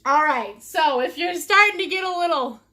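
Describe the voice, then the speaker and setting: A woman's voice: very high-pitched, expressive, normal speed, sharp tone. A woman teaching a painting lesson on a live stream. She is silly and giggly, plays with made-up words, and answers viewers' comments as she paints. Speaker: painting instructor.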